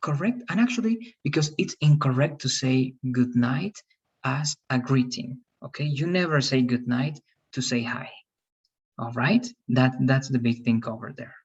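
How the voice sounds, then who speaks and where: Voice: mid-range voice, normal speed, breathy edge, highs cut off. An English teacher on a video call, patiently correcting students' pronunciation and encouraging them. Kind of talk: online class feedback.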